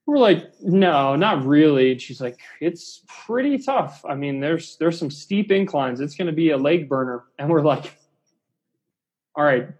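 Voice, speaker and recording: A man's voice: on the high side, animated, a little slow, a little mellow, breathy edge. A man, a CrossFit coach, chatting casually and telling a rambling story with lots of restarts. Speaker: CrossFit coach, podcast guest. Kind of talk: casual chat.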